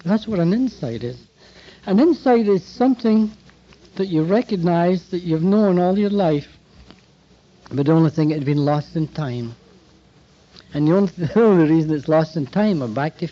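A man giving a talk to therapists, telling anecdotes in an animated way and acting out bits of dialogue. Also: fairly high pitch, normal speed. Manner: animated anecdotal storytelling, acts out quoted dialogue. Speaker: speaker addressing therapists. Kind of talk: storytelling lecture. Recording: dull lo-fi recording.

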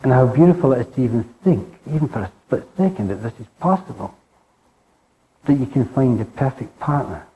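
Dark-voiced man giving a spiritual talk. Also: expressive, fairly quick, a little hiss or hum, rough recording. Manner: rambling, tags lines with "eh?"; drops to soft, low emphasis on key words. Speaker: spiritual teacher.

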